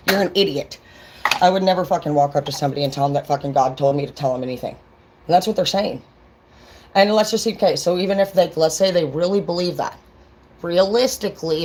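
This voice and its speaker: A woman's voice: sits low, a little mellow, slight background noise, poor audio. A woman vlogging in a casual livestream rant, blunt and profane, talking straight to her viewers.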